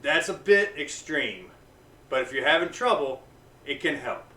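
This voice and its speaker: A blunt, profane man talks straight to camera in a bright, forceful voice. He swings from loud hype to low, intense talk. He stands back from the mic in an echoey room. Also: expressive, a little slow, distant mic. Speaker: vlogger on fasting. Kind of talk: casual motivational talk to camera.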